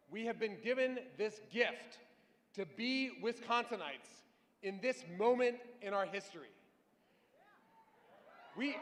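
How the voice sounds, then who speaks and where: A man speaking as a state party chair at a rally, speaking loudly and often shouting to the crowd. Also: sits high. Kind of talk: rally speech. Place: large indoor rally venue. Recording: echoey arena, crowd noise.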